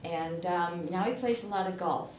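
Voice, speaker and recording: Accepting an award, an older woman with a rural southern Illinois accent delivers a chatty, self-deprecating speech at normal speed in a slightly low voice. She's recorded from a distance in an echoey room, with steady background noise underneath.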